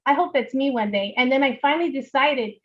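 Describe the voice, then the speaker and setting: A woman's voice: high voice, fairly quick, a bit bright. Earnest New York woman, muffled call. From the Bronx, New York. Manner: earnest, repeats phrases for emphasis. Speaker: guest, notary signing agent. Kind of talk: emotional personal testimony.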